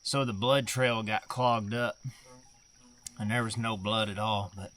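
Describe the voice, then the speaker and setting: A man talking slowly and emotionally to the camera outdoors in the woods while bowhunting. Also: fairly low pitch, fairly even intonation, fairly bright tone, a little hiss or hum. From Arkansas. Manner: slow, emotional, drawling and thankful. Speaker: bowhunter filming his hunt. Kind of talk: outdoor hunting vlog talk to camera.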